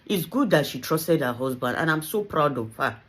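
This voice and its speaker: A woman with a Nigerian accent giving animated, teasing commentary as a vlogger, dropping in Yoruba phrases and laughing often. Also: low-pitched, normal speed. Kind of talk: casual commentary to camera.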